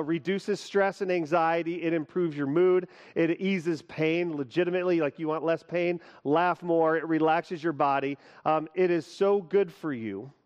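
Upbeat pastor guy preaching from a church stage, kinda high voice, muffled lo-fi sound. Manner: energetic, leads the crowd in laughter. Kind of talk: sermon.

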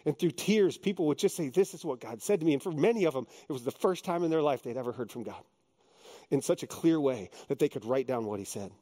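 A middle-aged male pastor delivering a sermon in a somewhat high voice. He talks earnestly, drops low and quiet for reflection, then climbs into emphatic, lively exhortation. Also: fast talker.

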